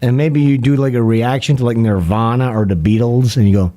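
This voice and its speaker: A man's voice: mid-range voice, brisk, few pauses, mellow. A man hosting a casual livestream, rambling in a crude, mocking way. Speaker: livestream host.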